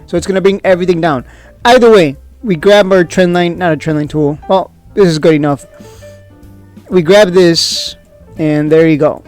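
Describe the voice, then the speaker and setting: A man hosting a stock trading video, talking casually and excitably, whooping and throwing out rhetorical questions. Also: sits high, normal speed, soft background music. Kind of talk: casual market commentary.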